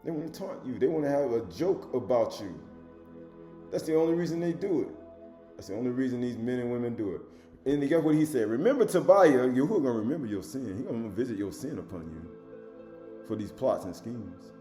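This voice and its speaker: Mellow-voiced man preaching in a roomy space. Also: expressive, brisk, soft background music. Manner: swings between loud emphatic reading and low murmured asides; colloquial, rhetorical questions to the listener. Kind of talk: sermon with scripture reading.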